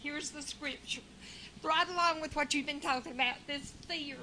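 A high-voiced woman tells her testimony through tears. Her bright voice turns fervent and loud when she reads scripture, and a faint hiss sits under it. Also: steady tone, poor audio. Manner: tearful, fervent, reads scripture slowly and loudly. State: crying. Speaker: caller sharing a testimony. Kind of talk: emotional testimony.

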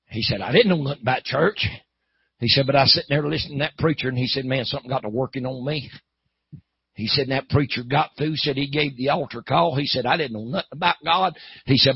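Gravelly preacher, building to a holler. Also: male voice, mid-range voice, fast talker, no room sound. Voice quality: gravelly, husky. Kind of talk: sermon storytelling. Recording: dull, lo-fi.

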